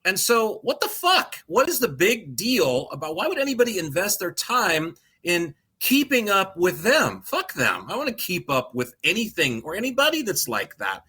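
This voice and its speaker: Middle-aged male podcast co-host, bright tone, profane and sarcastic ranter. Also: high voice, wildly swooping pitch, moderate pace, few pauses, husky. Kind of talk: casual chat.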